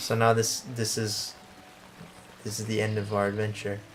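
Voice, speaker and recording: A man's voice: fairly low pitch, completely flat delivery, slow pace, a little hiss or hum. A man hosting a let's play, chatting casually with lots of fillers and restarts. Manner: rambling, filler-heavy restarts. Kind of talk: casual gameplay commentary.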